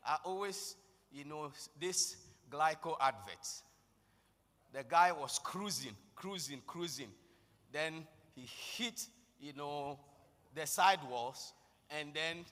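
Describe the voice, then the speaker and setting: A man preaching a sermon with passion, often rising to shouted declarations. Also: on the high side, lively intonation, slow. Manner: impassioned, building to shouted declarations. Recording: long echo of a large hall.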